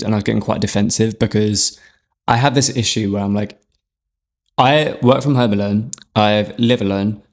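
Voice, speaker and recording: A young man, telling a candid personal story in a chatty, rambling way, full of fillers and swearing. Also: lowish voice. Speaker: podcast host.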